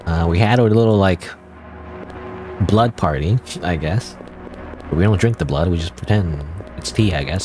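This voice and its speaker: A man streaming a video game, chatting casually and rambling with lots of "like" and "you know". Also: lowish voice. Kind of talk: casual let's-play commentary. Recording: game music playing under voice.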